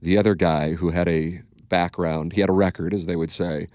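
In a deep, slightly mellow voice with a level tone, a podcast host (a man with a St.) briskly tells stories, blunt and profane, acting out quotes. It's studio-quality audio with no echo.

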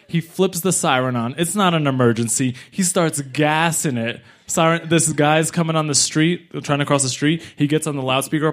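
A young man from New York City telling a comic story live, animated and jumping into voices of the people in it. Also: fairly high pitch, moderate pace, hardly any pauses. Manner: animated, acts out other people's lines.

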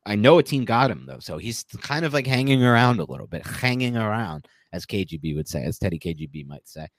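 A man's voice: lowish voice, quick pace, no room sound. A man co-hosting a sports podcast, chatting casually and rambling, often correcting himself mid-sentence. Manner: rambling, self-correcting, animated. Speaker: podcast co-host.

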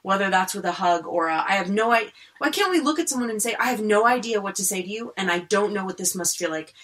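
A woman's voice: mid-range voice, lively intonation, fast, a bit bright. A woman co-hosting a casual chat, thoughtful and earnest as she lays out her ideas.

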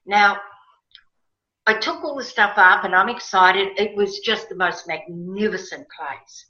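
A woman tells a personal story with bright, forceful energy, jumping up in pitch whenever she acts out her own excited words. The sound is roomy and a little dull. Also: unhurried. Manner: animated, emotional, quotes herself with rising excitement. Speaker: guest. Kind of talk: storytelling in a casual interview.

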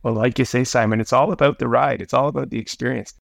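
A male podcast host with a gravelly edge asks his guest measured questions. The recording is close and dry. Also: medium pitch, steady tone, no echo. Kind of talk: interview questions.

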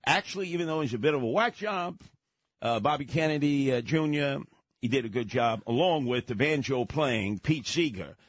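An older man, co-hosting a radio talk show and telling stories with animated voices. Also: mid-range voice, moderate pace, no room sound. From New York. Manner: storytelling, animated voices in quotes. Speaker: radio co-host.

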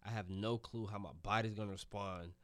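Low smooth-voiced man answering questions. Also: fairly even intonation, no room sound. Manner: halting, repeats words, plainspoken. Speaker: guest bodybuilding competitor. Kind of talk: casual interview answers.

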